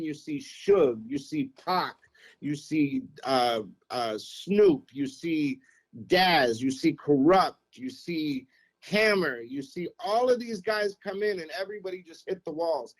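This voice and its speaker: A middle-aged man, a former radio programmer, telling anecdotes on a podcast in an animated, casual way. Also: on the high side, unhurried, rough recording. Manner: animated anecdote-telling, acts out quotes, keeps saying "you know what I mean". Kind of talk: casual storytelling.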